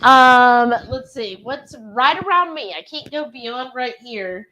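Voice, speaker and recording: A woman with a high voice hosts a relaxed live chat, reading viewer comments aloud. She tells stories in an unhurried, drawn-out way and giggles often. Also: slight background noise, rough recording. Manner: giggly, chatty storyteller. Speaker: host.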